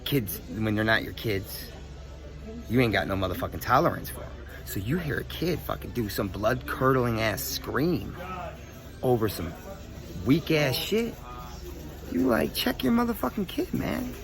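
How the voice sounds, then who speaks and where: A young man telling a story in a casual, profane, animated rant full of street slang. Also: lowish voice, a little slow, vocal fry. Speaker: vlogger.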